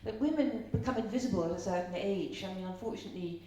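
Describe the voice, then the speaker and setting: A middle-aged woman from Ireland talks quickly in a mid-range, dark-toned voice, and the audio sounds dull. It's a live seminar where she chats, tells stories and asks the audience questions. The room echoes, she's distant from the mic, and a faint hum runs underneath.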